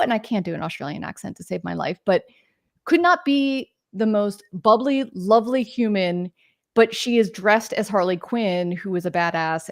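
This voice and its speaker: This podcast guest, a games marketer in her forties, has a fairly low, creaky voice recorded cleanly in a studio with no echo. She tells her career story in a chatty, wandering way, full of tangents and fillers, as casual interview talk.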